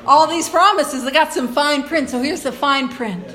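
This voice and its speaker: A woman's voice: high-pitched, normal speed, a bit bright, slight background noise. A woman speaking to a recovery meeting in an earnest, conversational way, often laughing and addressing the room directly. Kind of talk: personal talk to a meeting. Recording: echoey room recording.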